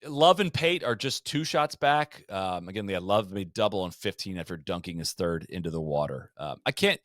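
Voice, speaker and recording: A man co-hosting a podcast, telling golf history in a loose, animated way, full of fillers and restarts. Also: deep voice, normal speed, dry recording, clean studio sound. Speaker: podcast co-host. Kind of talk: casual golf history chat.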